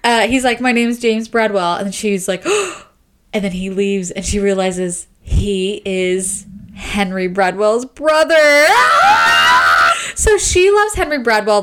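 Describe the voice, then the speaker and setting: A woman co-hosting a casual book podcast, eagerly retelling the plot and acting out the characters' lines. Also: medium pitch. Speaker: podcast co-host.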